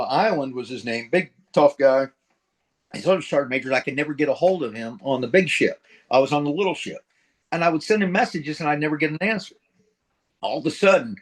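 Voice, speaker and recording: An older man, a retired Marine from middle America, telling war and service stories in a blunt, profane, casual way as an interview guest. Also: medium pitch. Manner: blunt, profane, acts out quoted dialogue.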